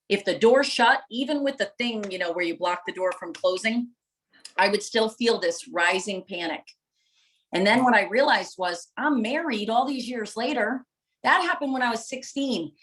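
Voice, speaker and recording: A woman's voice: mid-range voice, normal speed, a bit bright, low-quality recording. A middle-aged woman giving a live motivational talk to viewers, passionate and preacher-like, driving points home with emphatic repetition. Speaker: motivational speaker and coach.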